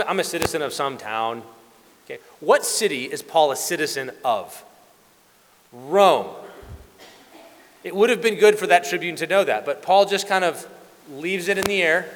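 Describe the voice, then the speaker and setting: Male preacher, animated sermon delivery with acted asides, recorded in a reverberant hall. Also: on the high side, a little hiss or hum. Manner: animated storytelling, acts out quoted voices.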